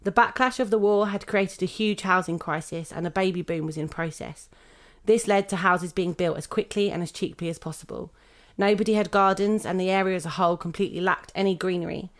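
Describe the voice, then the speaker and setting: A young British woman hosting a podcast, reading a prepared script in a steady, measured way. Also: on the low side. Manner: steady, measured reading, laughing now and then. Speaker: podcast host.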